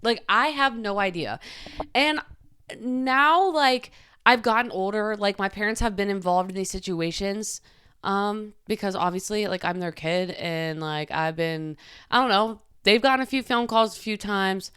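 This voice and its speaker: A woman's voice: medium pitch, unhurried, fairly bright tone, clean tone. A young adult woman hosting a podcast, talking candidly and emotionally about her own struggles, with "like" in nearly every sentence. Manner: confessional, heavy use of "like", emotional. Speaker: podcast host. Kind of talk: candid personal podcast monologue.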